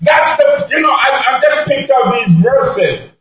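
Brief: male preacher, strikingly high voice, forceful and shouting, recorded far off in a very echoey room. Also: very animated, measured pace, muffled recording, a little hiss or hum. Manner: emphatic, often shouting. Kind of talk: sermon. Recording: very echoey room, distant mic.

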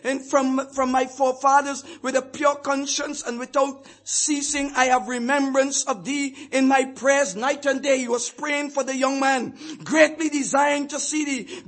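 A fervent older man preaches, his voice sitting unusually high for a man. He drops into quiet, confiding asides, then rises to ringing shouts to drive a point home. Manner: fervent, swinging from hushed asides to shouted declarations. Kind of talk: sermon.

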